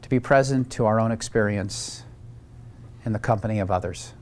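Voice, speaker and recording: A man guides a meditation in slow, calm phrases, his voice set a little low. He sounds away from the microphone, with a faint hum running behind him. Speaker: meditation leader.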